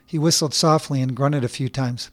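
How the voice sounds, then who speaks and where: A man reading a short story aloud in a measured, even storytelling manner. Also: medium pitch, no room sound. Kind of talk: scripted narration.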